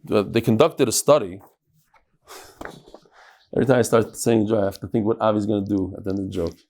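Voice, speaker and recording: A man teaching a daily Talmud class to a live audience in a study hall, lively and joking, with Hebrew and Aramaic terms in his English. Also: on the low side, fast talker, a little hiss or hum.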